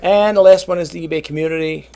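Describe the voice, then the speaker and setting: A man talking casually to his viewers about reselling, rambling and animated, often calling them folks. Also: fairly high pitch, fast talker, clean tone. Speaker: reseller vlogger. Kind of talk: casual talk to camera.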